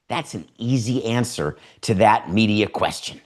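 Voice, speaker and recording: A man's voice: fairly low pitch, expressive, measured pace, few pauses. A man hosting a sports podcast, giving sarcastic opinions full of rhetorical questions and acted-out imagined dialogues.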